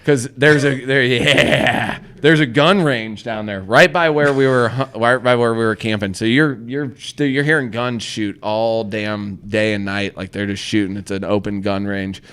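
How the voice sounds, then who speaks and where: A man's voice: medium pitch, a little slow, hardly any pauses, fairly bright tone, clear, resonant tone. A young man from Indiana, a podcast co-host, telling a rambling camp story in casual chat and swearing constantly. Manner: rambling, heavy swearing, acts out his own reactions.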